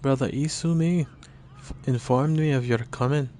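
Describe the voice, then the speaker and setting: A man's voice: medium pitch, normal speed, a little mellow, a little hiss or hum, lightly acted. A man doing a solemn elf conjurer with a Scottish-Irish lilt. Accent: mixed Scottish-Irish put-on. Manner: solemn, formal old-fashioned speech. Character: stately male elf conjurer teaching, grave and formal. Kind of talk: voicing game dialogue on stream.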